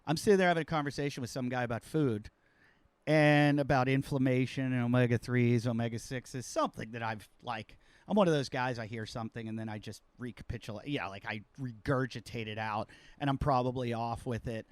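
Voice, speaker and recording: A man's voice: medium pitch, fairly even intonation, a little fast, smooth, no echo. A man hosting a podcast as a comedian, telling rambling, self-mocking stories in casual chat.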